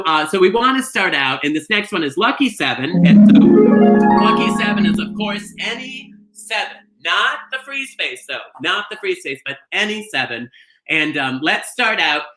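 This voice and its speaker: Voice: medium pitch, bright, forceful tone. A bingo host on a live stream from a trailer, chatty and gushing, rambling with lots of fillers. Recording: echoey room, faint noise.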